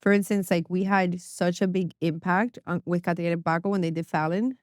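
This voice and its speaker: A music publicist guesting on a podcast talks in a casual, chatty conversation, full of fillers and frequent "like"s. Her voice is on the low side and darkish, with fairly even intonation and a slightly fast pace, captured as a dry, clean studio recording.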